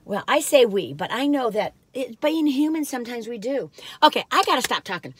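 A woman's voice: a little high, very animated, a little fast, slightly rough, no room sound. An older woman chatting to her viewers in a rambling, talkative vlog from her car, with many asides and fillers. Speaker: vlog host reviewing cookies.

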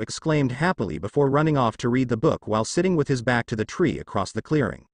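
A man reads a fanfiction story aloud as an audiobook narrator, his middle-range voice animated and expressive in pitch. He talks fast with hardly any pauses, and the recording is dry and close, without room echo.

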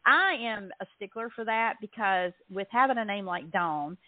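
A woman's voice: mid-range voice, expressive, normal speed, dry recording. Southern lady radio host, chatty, laughs at herself, tinny phone sound. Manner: chatty and self-deprecating, laughs often. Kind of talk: casual chat.

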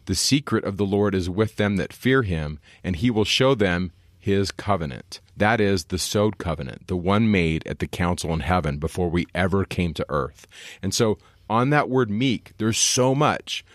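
A man co-hosting a scripture podcast, explaining verses in a casual teaching tone and slowing down to read passages aloud. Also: low-pitched, lively intonation, no room sound, studio quality.

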